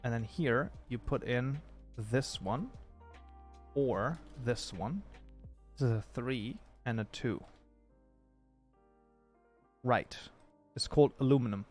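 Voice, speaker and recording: A man's voice: medium pitch, slow pace, long pauses, a little mellow, faint music behind. Chatty male streamer rambling to chat. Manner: rambling, chatty, thinks aloud with fillers and restarts. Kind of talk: casual livestream chat while modding a game.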